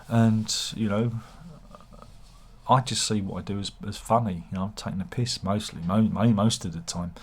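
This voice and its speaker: A man talks to camera with a husky, slightly low voice. He rambles in a sardonic, self-mocking way and often stops to restart his sentences. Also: a little mellow. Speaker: YouTuber.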